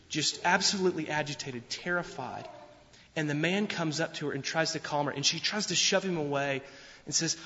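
A man preaching a sermon as pastor, earnest and deliberate, slowing down and swelling his voice for emphasis. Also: a little high, pushed and bright, a little hiss or hum. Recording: dull sound with long hall reverb.

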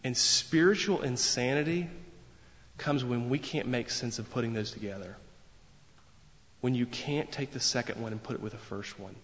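A man's voice: mid-range voice, moderate pace, fairly bright tone. A man preaching a sermon in an earnest, emphatic way, repeating phrases for weight. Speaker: pastor. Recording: long reverb, dull lo-fi sound.

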